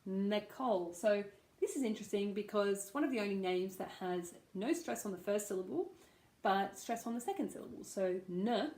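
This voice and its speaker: A woman with an Australian accent teaching English pronunciation, sounding out names slowly and deliberately. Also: mid-range voice, animated, warm tone, roomy sound. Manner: slow, deliberate, drawing out sounds to demonstrate. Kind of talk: casual spoken lesson.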